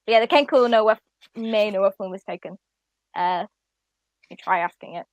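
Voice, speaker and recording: A woman's voice: medium pitch, fairly quick, no room sound, lo-fi sound. A woman running a tabletop game as dungeon master, narrating hesitantly with fillers and laughs.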